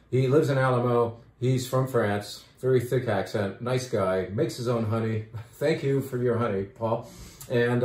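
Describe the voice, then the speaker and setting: A man's voice: medium pitch, a little mellow. Chatty man talking wines, echoey room. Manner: chatty, enthusiastic, with fillers. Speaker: wine shop owner presenting wines. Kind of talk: casual wine talk video. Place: wine shop.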